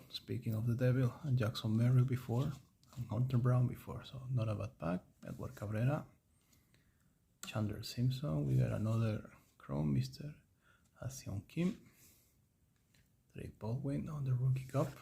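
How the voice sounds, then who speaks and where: Gravelly-voiced man streaming a card break. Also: medium pitch, mellow. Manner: chatty, rambling, reading off player names.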